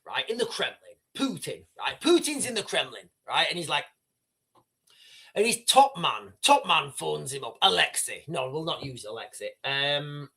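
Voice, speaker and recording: Animated British man hosting a livestream. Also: a little high. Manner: rambling, animated, addresses viewers. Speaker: livestream host. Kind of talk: casual live commentary.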